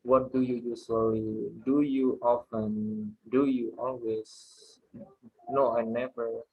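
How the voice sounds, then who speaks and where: A man's voice: medium pitch, level tone, slow, slightly rough. A man with an Indonesian accent teaching an online English lesson, explaining patiently step by step with many fillers. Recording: muffled lo-fi recording.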